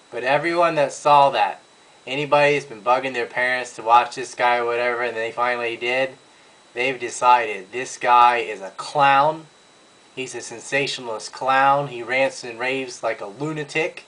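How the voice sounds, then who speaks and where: A man's voice: medium pitch, a bit bright, poor audio. A man giving a blunt, scornful commentary, mocking his target with crude insults. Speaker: video commentator.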